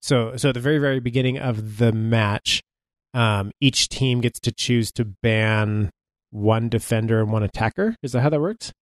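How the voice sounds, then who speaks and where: A man's voice: medium pitch, moderate pace, no room sound. A man co-hosting a casual gaming podcast, wry and long-winded, with lots of fillers as he explains things. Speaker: podcast co-host.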